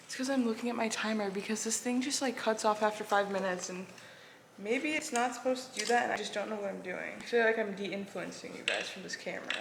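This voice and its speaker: A woman with a medium-pitched voice and some vocal fry vlogs from her home kitchen, chatting casually and poking fun at herself while she cooks. Dishes clatter in the echoey space, adding background noise.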